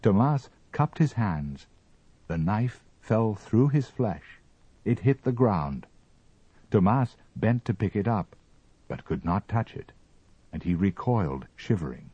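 A man narrating a story as an audiobook reading, with expressive, measured storytelling. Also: on the low side, husky, dry recording, muffled recording.

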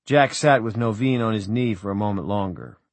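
A man giving measured, reflective first-person audiobook narration on a close studio mic. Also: on the low side, no room sound.

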